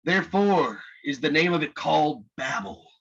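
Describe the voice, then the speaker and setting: A husky-voiced man voicing a fiery male revival preacher with an American Southern accent, declaiming scripture loudly. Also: a little high, lively intonation, moderate pace, highs cut off, voice pushed up, exaggerated voice. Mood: thundering.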